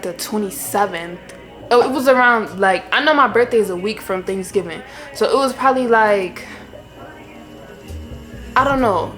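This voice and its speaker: A young woman, telling a story in an animated, exasperated way and often addressing viewers directly as a vlogger. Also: mid-range voice. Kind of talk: storytime vlog.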